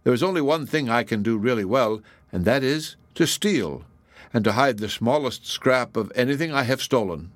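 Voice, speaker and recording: Read by a man, a humble young thief pleads his case earnestly and cleverly. The voice is dry and close. It sits at an ordinary middle pitch. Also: expressive, normal speed, no echo, natural voice. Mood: pleading.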